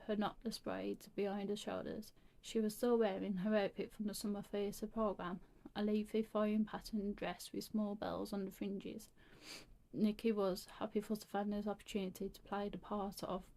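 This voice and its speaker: A woman's voice: mid-range voice, little pitch movement, moderate pace, creaky, dark tone. A woman reading a creepy story aloud, stumbling and restarting often.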